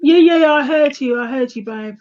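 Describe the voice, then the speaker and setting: A woman's voice: high voice, fairly quick, darkish tone, muffled recording. A British woman with an accent sliding between standard and London speech, chatting casually on a live stream, hesitant and full of fillers. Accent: English, between standard British and London. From England. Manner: hesitant, many fillers and restarts. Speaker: tarot reader and live stream co-host.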